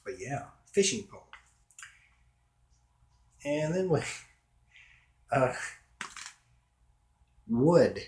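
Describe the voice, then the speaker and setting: A man's voice: a little high, sing-song, takes it slowly, pauses often. A man chatting casually in his own room, rambling with fillers and restarts as a vlogger. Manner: meandering, with many fillers and restarts. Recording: roomy echo.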